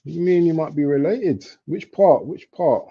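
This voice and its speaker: A man's voice: a little high, unhurried, husky. Slangy man, casual watchalong. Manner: slangy, excitable outbursts at chances. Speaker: football watchalong streamer. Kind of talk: casual live commentary chat. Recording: dull lo-fi stream audio.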